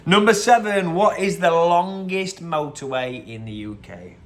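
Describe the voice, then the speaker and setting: A man's voice: fairly high pitch, normal speed, hardly any pauses, slight background noise. A man hosting a casual pub-style quiz, reading each question twice and drifting into short anecdotes, recorded on a phone. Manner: chatty, repeats each question, wanders into anecdotes. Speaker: quiz host.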